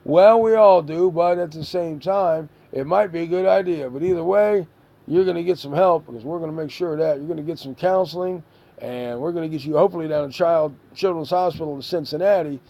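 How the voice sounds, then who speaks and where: A man's voice: fairly high pitch, creaky, mellow. A man giving a stern, exasperated lecture to a child, full of rhetorical questions. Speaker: stepfather figure scolding a child.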